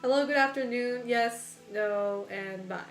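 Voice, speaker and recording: A woman's voice: fairly high pitch, measured pace. A woman streamer chatting casually with her viewers while gaming, laughing often and swearing casually. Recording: roomy echo with faint music behind.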